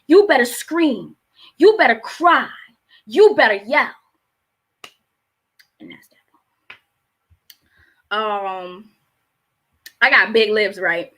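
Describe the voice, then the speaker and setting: A young woman with a Baltimore accent performs spoken word on a live stream, her voice sitting a little high and ringing bright. She rolls through lines with a rhythmic, emphatic lilt. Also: lively intonation, takes it slowly, pauses often. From Baltimore, USA. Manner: rhythmic, emphatic poetry delivery. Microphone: streaming on a live online show.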